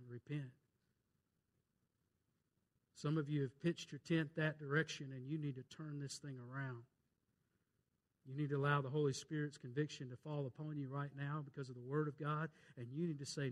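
A pastor preaching a sermon with fervent energy, quoting scripture and telling jokes, his delivery swinging from loud urgent calls to hushed pleas. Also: fairly high pitch. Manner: tells jokes and quotes scripture.

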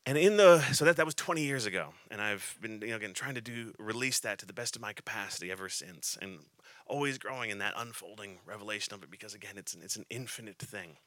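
A man in his thirties preaching a sermon in a conversational, halting way, with restarts and touches of humor. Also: fairly low pitch, a bit bright, no room sound.

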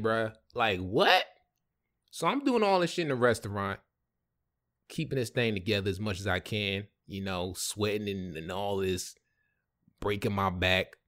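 A man hosting a podcast, telling a story in a casual, animated way with lots of slang and swearing. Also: lowish voice, measured pace. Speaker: podcast host.

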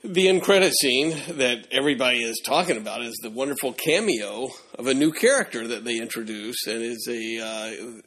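Male podcast host, mid-pitched, brisk wrap-up manner. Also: fairly bright tone, poor audio. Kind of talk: casual chat.

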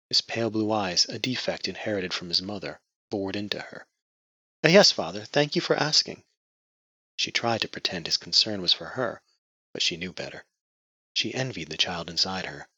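A man narrating a novel in measured, scripted storytelling. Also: deep voice, bright, forceful tone, breathy edge, no echo. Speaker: audiobook narrator. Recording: muffled lo-fi dry recording.

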